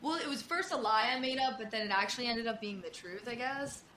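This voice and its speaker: A woman's voice: on the high side, quick pace, bright, forceful tone, a little hiss or hum. A young woman hosting a podcast, a nurse swapping work stories in blunt, casual talk, often swearing and acting out dialogue. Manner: blunt, swears freely, acts out dialogue with big voice swings. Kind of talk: casual chat.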